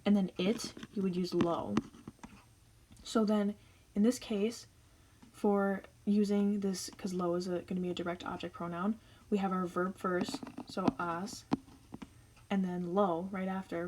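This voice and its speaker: A young woman talking through a Spanish lesson in a relaxed, chatty way, taking it one step at a time. Her voice sits at a middle pitch. A faint hiss of noise runs under the recording. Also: low-quality recording. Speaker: Spanish teacher. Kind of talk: casual explainer lesson.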